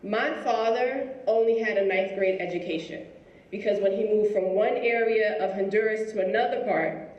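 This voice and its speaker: A woman giving a motivational speech to students, telling a story in a lively way and acting out the people in it. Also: mid-range voice, normal speed, highs cut off. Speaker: school principal giving a speech. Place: school auditorium. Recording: echoey hall, from far off.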